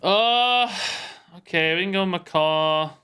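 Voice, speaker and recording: A man's voice: on the high side, animated, moderate pace, pushed and bright, clear, resonant tone. A man streaming live, commenting on his gameplay, thinking aloud and picking apart his own moves. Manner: thinks aloud, self-critical, repeats himself. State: sore and tired from sport. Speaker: game streamer.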